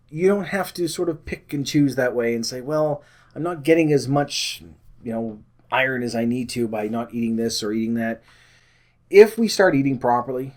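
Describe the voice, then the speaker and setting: A man's voice: medium pitch, a little mellow. A man with a Canadian accent talking casually to the camera in a vlog, rambling with many fillers and corrections. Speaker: vlogger.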